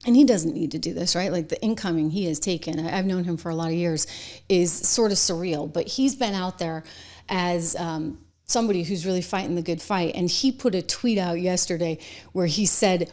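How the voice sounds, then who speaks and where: A middle-aged woman hosting a show, giving chatty, animated political commentary and laughing between points. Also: on the low side, normal speed.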